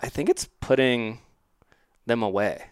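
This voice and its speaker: Smooth-voiced young man chatting loosely. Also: medium pitch, a little slow, no room sound, clean studio sound. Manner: loose, rambling, many "like" fillers. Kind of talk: casual chat.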